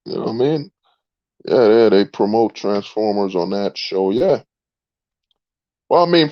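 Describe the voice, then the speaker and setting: A man's voice: deep voice, a little mellow, no echo. A man hosting a livestream, ranting in a rambling, sarcastic way, filling gaps with "you know what I mean". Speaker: channel host. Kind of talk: livestream rant. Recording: dull lo-fi, dry sound.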